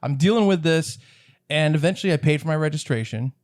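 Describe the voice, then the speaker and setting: A man's voice: fairly high pitch, animated, quick pace. A man co-hosting a comedy podcast, telling a long story in casual chat, acting out both sides and laughing often. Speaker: podcast co-host.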